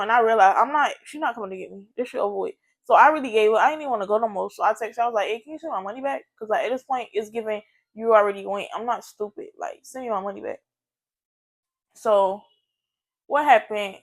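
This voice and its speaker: A young adult woman vlogger telling a story in a casual, animated way, full of profanity and chatty asides. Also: a little high.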